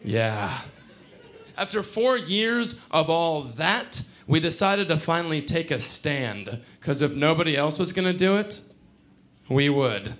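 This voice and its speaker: A man's voice: a little high, measured pace. Wry, foul-mouthed young man telling a story. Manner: profane, wry, animated delivery. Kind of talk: live storytelling performance.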